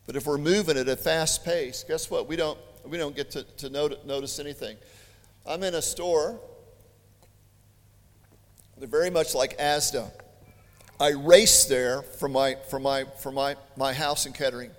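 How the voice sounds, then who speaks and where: A man preaching a sermon, telling stories in an animated, chatty way with joking asides. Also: fairly high pitch, unhurried. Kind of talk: storytelling sermon. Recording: long hall reverb.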